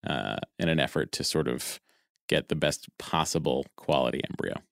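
A man's voice: extremely low pitch, fairly even intonation, normal speed, vocal fry, no echo, studio quality. A man guest chatting casually, joking and rambling with lots of fillers. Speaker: podcast guest. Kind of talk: casual chat.

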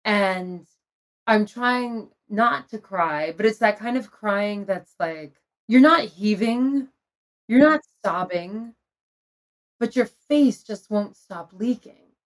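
A woman in a podcast conversation, telling a personal story in an open, confessional way. Her voice sits at a medium pitch, and she laughs now and then as she talks. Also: slow pace. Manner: emotional, confessional, laughs between lines.

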